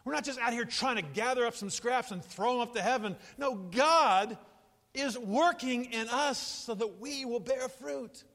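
An older man preaching a sermon in an animated, jokey way, often laughing and acting out quotes. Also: extremely high pitch, unhurried, big-room sound. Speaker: pastor.

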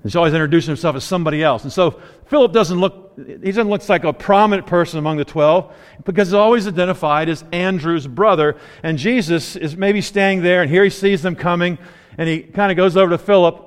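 Male preacher, relaxed storyteller who voices the characters, lively and bit high, reverberant room. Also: fairly quick. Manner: conversational, playful storytelling with voiced asides. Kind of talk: sermon.

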